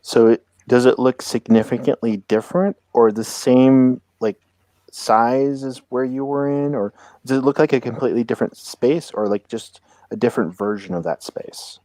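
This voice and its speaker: A man's voice: medium pitch, moderate pace, mellow, no echo. A man narrating as game master of a tabletop roleplaying game, describing scenes and asking players what they do.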